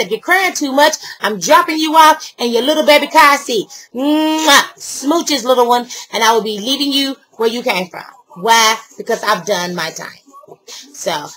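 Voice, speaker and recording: A woman's voice: high-pitched, low-quality recording. An older woman telling a story casually and sassily to camera, acting out what others said. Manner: animated, sassy, acts out quotes. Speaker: vlogger.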